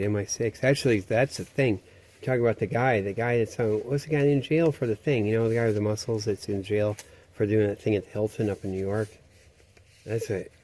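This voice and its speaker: A man's voice: on the low side, mellow. A man rambling through a profane, meandering, conspiratorial monologue.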